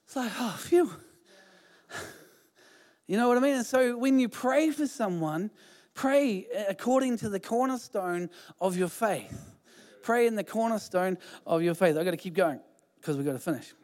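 High-voiced man preaching in a reverberant hall. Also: lively intonation, moderate pace, darkish tone. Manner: chatty, informal preaching with many fillers and restarts. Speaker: pastor. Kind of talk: sermon. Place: church hall.

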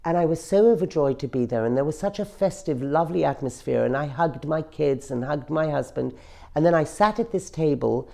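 A woman's voice: deep voice, creaky, warm tone. A middle-aged woman speaking earnestly as an interview guest, stressing her words and sometimes restarting. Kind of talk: emotional personal interview.

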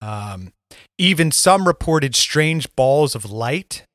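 A man's voice: a little high, animated, takes it slowly, fairly bright tone, no room sound, studio quality. A man co-hosting a podcast in casual chat, laid-back, swearing and filling with "like" and "um". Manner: laid-back, swearing, laughing, lots of fillers. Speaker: podcast co-host.

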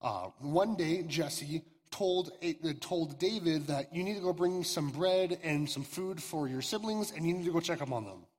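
A young man leads a youth sermon, retelling a scripture story in a loose, halting way full of fillers and restarts. His voice sits a little high and sounds husky. It rings out with a long reverb across a large hall. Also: animated, a little mellow. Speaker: youth pastor.

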